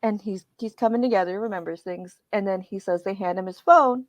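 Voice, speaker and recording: A woman's voice: mid-range voice, fairly quick, no echo, lo-fi sound. A woman co-hosting a show in casual chat, telling stories expressively and laughing often. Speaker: co-host.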